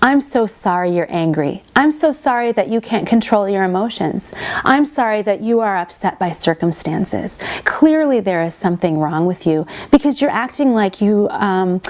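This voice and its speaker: A woman's voice: medium pitch, darkish tone, close to an everyday voice. A woman acting out a condescending woman who fakes sympathy in a syrupy, patronizing tone.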